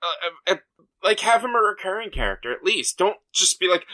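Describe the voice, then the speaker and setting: A man's voice: sits high, sing-song, fairly quick, bright, forceful tone. A young man co-hosting a podcast in casual chat, talking emphatically with many fillers and restarts. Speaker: podcast co-host.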